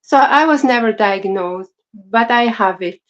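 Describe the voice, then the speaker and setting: A woman co-hosts a livestream chat in a slow, earnest and measured way, stopping for fillers as she talks. Her voice sits a little high, and the stream audio is dull and lo-fi. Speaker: co-host.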